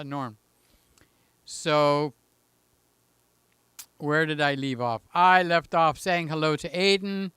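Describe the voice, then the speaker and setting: A man's voice: a little high, fairly bright tone, clean tone, dry recording. A man in his late sixties hosting a live stream, chatting casually and greeting viewers by name in a rambling way. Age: 60s. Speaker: livestream host.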